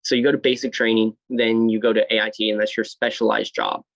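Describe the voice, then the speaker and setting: Young man telling his story, flat and low. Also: fast talker, vocal fry, no room sound, rough recording. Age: 20s. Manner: blunt, swears freely, many fillers and restarts. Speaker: podcast guest. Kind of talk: candid personal storytelling.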